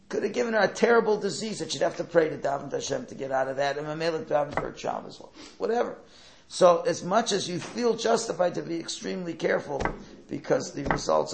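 A man's voice: fairly high pitch, gravelly. A man teaching a Torah class, telling stories and asking rhetorical questions that he answers himself. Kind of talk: lecture with storytelling.

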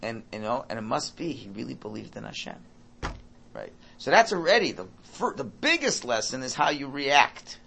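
A man giving an informal Torah talk, animated and acting out parent and child dialogue. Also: medium pitch, normal speed, gravelly, slight background noise.

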